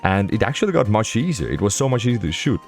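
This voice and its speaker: A young man vlogging a casual recap, rambling and self-mocking with quick asides. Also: lowish voice, sing-song, faint music behind.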